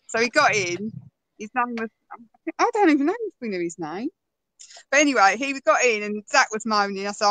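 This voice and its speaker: A woman tells stories in a relaxed chat, her voice bright and forward. She laughs easily and often. The sound is close and dry, with no room around it. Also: a little high, fast talker, no echo, low-quality recording. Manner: chatty storyteller, laughs often. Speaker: guest. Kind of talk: casual conversation.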